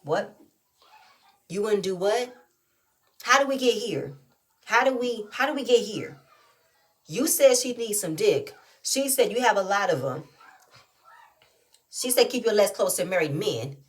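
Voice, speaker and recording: A woman giving a casual, animated recap and review of a reality show, often incredulous and firing off rhetorical questions. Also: mid-range voice, unhurried, long pauses.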